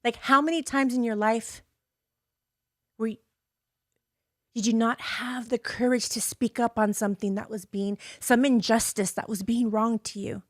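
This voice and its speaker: A woman's voice: fairly high pitch, steady tone, normal speed, dry recording, studio quality. A woman hosting a podcast, telling a painful personal story candidly and with strong emotion, swearing freely and acting out quoted lines. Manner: acts out quoted lines in changed voices. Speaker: podcast host.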